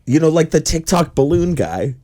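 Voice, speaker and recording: A man co-hosting a podcast in casual comedic chat, riffing in an animated way and acting out quick voices. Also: fairly high pitch, over a noisy crowd. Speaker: podcast co-host.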